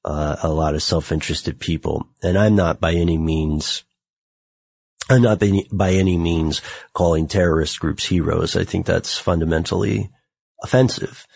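Deep husky American man, podcast host. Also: fairly even intonation, normal speed, darkish tone, dry recording. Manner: thoughtful, turns self-mocking in banter. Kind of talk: podcast conversation.

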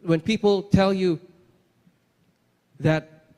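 A man with a very high voice preaches a sermon in a large hall with a long, ringing reverb. He is emphatic, circles back on his own phrases and keeps asking the congregation rhetorical questions. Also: steady tone, very slow, darkish tone.

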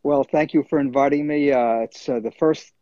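A man in his seventies, a professor and economist, answering interview questions over a video call in a measured, hesitant way. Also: on the high side, fairly even intonation, dark tone, no room sound. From born in Germany, raised in New Jersey. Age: 70s. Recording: dull, dry video call audio.

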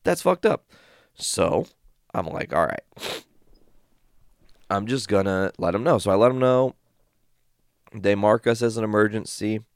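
A man with a low, gravelly voice rambles through a story in casual, profane talk. He swears freely and gets animated as he retells it. The sound is close and dry, with no room echo. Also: moderate pace. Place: home studio.

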